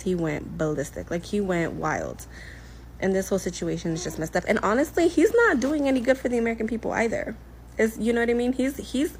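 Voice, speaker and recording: A woman's voice: on the low side, darkish tone, a little hiss or hum, poor audio. A married woman talking in a casual opinion video, frustrated and emphatic. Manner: frustrated, emphatic, repeating points. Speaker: social media commenter.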